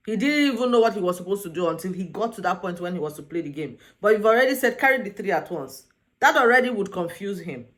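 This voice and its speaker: A woman's voice: mid-range voice, fairly bright tone. A young woman, giving a sassy, exasperated recap of a reality show and acting out the quotes. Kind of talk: casual opinionated recap commentary.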